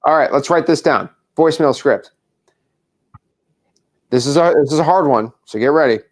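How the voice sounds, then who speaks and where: A young man coaching a caller on a call, pushy and repeating lines slowly word by word. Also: a little high. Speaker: wholesaling coach.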